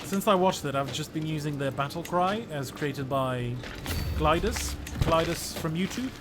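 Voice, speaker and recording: A man's voice: fairly high pitch, lively intonation, measured pace, music in the background. A man streaming a strategy game, joking and chatting with his viewers in casual commentary.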